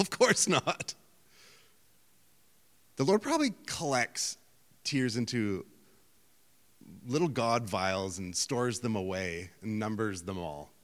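A middle-aged man preaching a sermon in a conversational, self-deprecating storytelling manner, with lively outbursts. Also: on the low side, a little slow, pauses often. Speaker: pastor. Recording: hall reverb.

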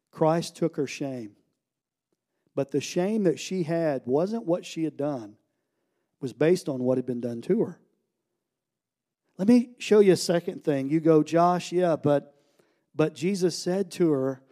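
A middle-aged man from the United States delivering a sermon, his voice mellow and warm and sitting a little high for a man. He tells stories and keeps pulling his voice down to a near hush, then rising into loud, pressing questions. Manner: storytelling preacher, swings from hushed to loud. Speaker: pastor.

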